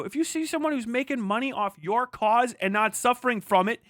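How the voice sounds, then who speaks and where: A man's voice: very high-pitched, lively intonation, a little fast, a bit bright, dry recording, studio quality. A man hosting a livestream, delivering an angry, profane political rant full of repetition. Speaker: livestream host.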